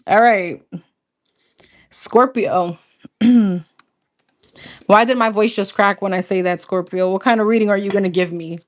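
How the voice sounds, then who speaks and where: In a mid-range voice with fairly even intonation and a moderate pace, a young adult woman does a casual tarot reading. She calls out one card after another, talks with viewers, and laughs frequently.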